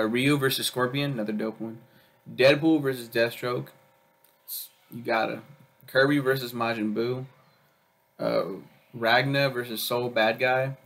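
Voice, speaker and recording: Young man, casual review chat, rambling, cursing, gravelly, mid-pitched. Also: fairly bright tone, slight background noise. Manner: rambling, profane, with many ums and uhs. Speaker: video reviewer.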